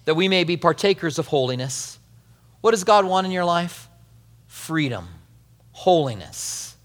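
High-voiced pastor in a reverberant hall. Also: male voice, unhurried. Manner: conversational storytelling, animated. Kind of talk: sermon.

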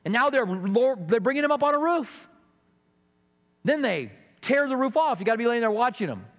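A high-voiced man preaches from a pulpit, his words trailing off into the long reverb of a large hall. He tells stories animatedly and slips into other people's voices for emphasis. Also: very animated, moderate pace, fairly bright tone. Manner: storytelling with mimicked voices and emphatic bursts. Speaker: pastor. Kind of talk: sermon.

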